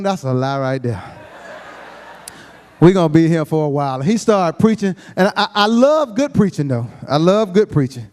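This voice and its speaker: High-voiced man doing stand-up comedy. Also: very animated, moderate pace, darkish tone. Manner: Southern Black vernacular, storytelling, laughing at his own jokes. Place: comedy stage before a live audience.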